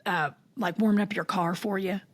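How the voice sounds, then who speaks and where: A woman with a Southern US accent co-hosting a podcast, telling stories in a folksy, animated way. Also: mid-range voice, normal speed. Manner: animated storyteller, folksy, uses y'all. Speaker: podcast co-host. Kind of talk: casual chat.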